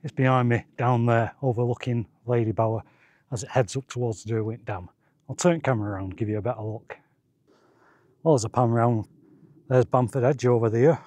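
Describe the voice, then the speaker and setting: A breathless man talks casually to his camera on a windy moorland hilltop. His voice sits at an ordinary middle pitch and sounds close and dry, with an easygoing, chuckling manner. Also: fairly even intonation, a little fast, darkish tone, no echo. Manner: chatty and easygoing, chuckles between remarks. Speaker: wild camping vlogger. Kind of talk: casual talk to camera while hiking.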